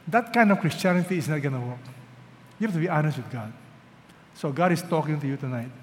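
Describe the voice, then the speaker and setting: A man preaching a sermon as pastor, swinging from urgent, loud peaks to hushed lows and asking his listeners questions. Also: animated, fast. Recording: reverberant hall with faint background noise.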